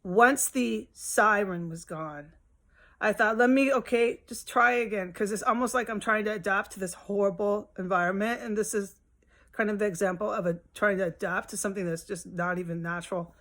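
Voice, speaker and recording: Woman, mid-pitch, casual vlog rant at home; rambling, exasperated, swears freely. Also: normal speed, a bit bright. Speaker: vlogger. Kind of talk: casual venting monologue.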